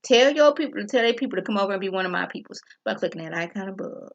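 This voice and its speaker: In a casual, chatty vlog, a woman reviews a TV episode, addressing her viewers directly and acting out the characters' lines as she retells scenes. Her medium-pitched voice is animated and rapid-fire, and the recording sounds muffled.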